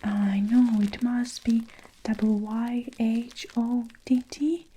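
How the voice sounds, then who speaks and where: A woman voicing a small, nervous schoolboy in a whispered role-play, raising her voice higher for him. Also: fairly even intonation, dark tone, a little hiss or hum, rough recording. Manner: nervous, quick answers.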